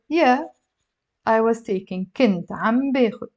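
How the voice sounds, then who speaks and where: A fairly high-voiced woman with a Lebanese accent teaches an online lesson. She is lively and encouraging and slows down to repeat words for learners. The recording sounds a little dull and lo-fi. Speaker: language teacher.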